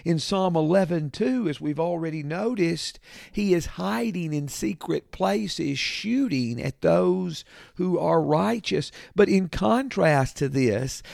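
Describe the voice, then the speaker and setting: A man preaching a sermon, expounding scripture slowly and deliberately, with emphatic repetition. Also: on the high side, expressive, vocal fry, a little mellow, dry recording, clean studio sound.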